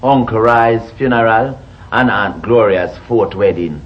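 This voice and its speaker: A man's voice: lowish voice, unhurried, muffled recording. A man with a Jamaican accent, acting in a sitcom and grumbling and protesting for comic effect. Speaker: sitcom actor.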